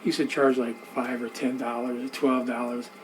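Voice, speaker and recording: A man telling a tale during a museum tour, speaking in an animated, conversational way. He repeats himself as he builds the story and acts out the voices of the people in it. A faint background hiss sits under the recording. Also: medium pitch, moderate pace, rough recording. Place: indoor museum room.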